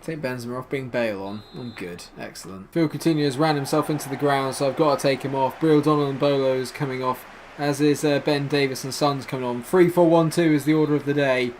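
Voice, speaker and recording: A young man, commenting excitedly on his football video game and shouting at the screen. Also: medium pitch, brisk, slight background noise. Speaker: gaming YouTuber.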